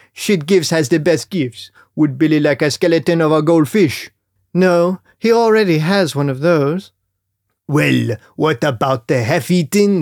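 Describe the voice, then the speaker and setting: A man's voice: a little high, a little mellow, no room sound, clean studio sound. A man voicing a fussy male cockroach shopkeeper with a French-Canadian accent, given to angry screaming, in a comic storybook. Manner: salesy, quick to scream in anger.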